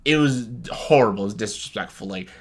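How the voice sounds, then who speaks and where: A young man vlogs casual commentary on a reality show, ranting bluntly, swearing heavily, and sounding exasperated. His voice is on the low side and his pace brisk.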